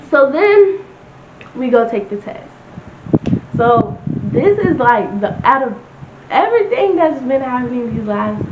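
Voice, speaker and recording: A young woman chats through a casual storytime vlog, leaning on "like" and acting out what people said. Her mid-range voice sits in a roomy space. The sound is a little dull, with steady noise behind it. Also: mid-range voice. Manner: chatty, lots of "like", animated retelling with quoted voices. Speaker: vlogger. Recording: roomy, slightly dull home recording with noise.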